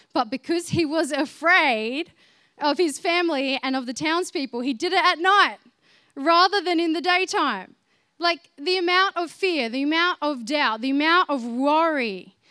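A woman's voice: high-pitched, bright, forceful tone, dry recording, studio quality. A woman preaching a conversational sermon, chatty and informal, speaking directly to her listeners.

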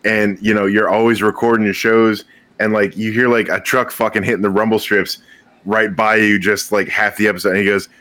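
A man's voice: fairly low pitch, flat delivery, brisk, fairly bright tone, no echo. A young man guest on a podcast, telling a rambling story with casual swearing and frequent laughs.

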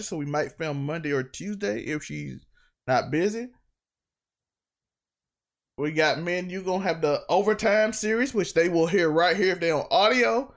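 Joking man hosting a podcast. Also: a little high. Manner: joking, acts out relatives' voices, quick asides. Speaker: podcast host. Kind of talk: casual chat.

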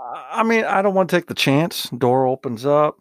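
A man co-hosting a casual podcast, joking and swearing with quick reactions. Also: a little high, expressive, no room sound, studio quality. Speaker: podcast co-host. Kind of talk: casual crude podcast banter.

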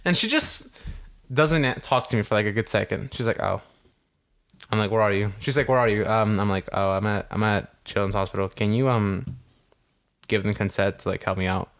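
A young man casually telling a story on a podcast, animated and swearing a lot, acting out what people said. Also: fairly low pitch, fairly quick. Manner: animated, heavy swearing, acts out quotes. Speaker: podcast co-host.

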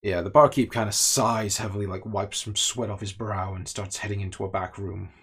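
A young man narrating a tabletop game as game master, in an animated style with chuckles. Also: lowish voice, normal speed, husky.

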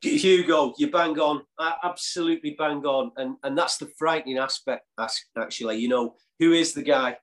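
A man's voice: fairly high pitch, normal speed, few pauses. Earnest man in a chat. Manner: earnest, stumbling restarts. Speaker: podcast panelist. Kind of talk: casual chat.

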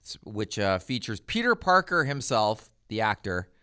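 A man's voice: fairly low pitch, very animated, normal speed, pushed and bright, clean tone. A man co-hosting a podcast in casual chat, hesitant with many fillers and dry jokes. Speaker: podcast co-host.

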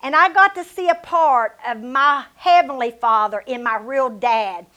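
A middle-aged woman preaching a sermon, telling personal stories with emphatic declarations and hushed asides. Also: high voice, a little slow. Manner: personal storytelling.

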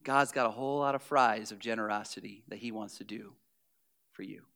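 A man preaching a sermon as pastor, animated, acting out little scenes and sometimes dropping to a near whisper. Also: lowish voice, brisk, creaky.

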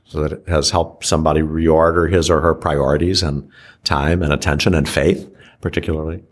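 This man's voice is very deep and slightly rough as he plays an archbishop in a reflective, instructive conversation. He talks slowly and carefully, pausing often and restarting what he was saying.

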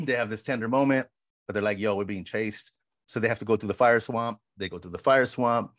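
Low-voiced guy excitedly retelling a movie, says bro a lot, dry close sound. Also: a little fast, dry recording. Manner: animated storyteller, says "bro" often. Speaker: podcast co-host. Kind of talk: casual chat, retelling a film.

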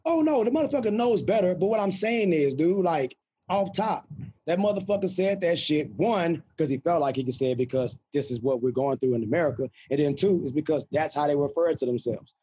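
On a muffled lo-fi recording, a podcast host talks a little fast in a warm, somewhat high voice with a breathy edge. He's emphatic and profane, pushing his argument during casual conversation.

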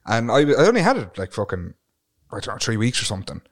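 A young Irish man telling a story in casual podcast chat, swearing freely and animated. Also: lowish voice, quick pace. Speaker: podcast co-host.

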